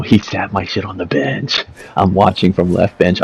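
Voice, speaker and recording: A man who makes gaming videos sits at his home setup, loosely commentating on his gameplay with casual slang and frequent swearing. His low-pitched, gravelly voice keeps a steady tone at a moderate pace. A slightly dull lo-fi mic records him.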